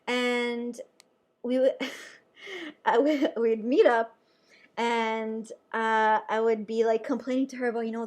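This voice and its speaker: A young adult woman, a nurse, telling a personal story to camera in a chatty, animated way with lots of fillers. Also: on the high side, a little slow.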